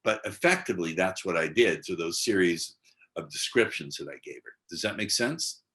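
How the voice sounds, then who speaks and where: A man in his sixties giving casual instruction as a dating coach from a side room at home, blunt and profane, slowing into a hypnotic cadence for his examples. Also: low voice, animated, a bit bright. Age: 60s.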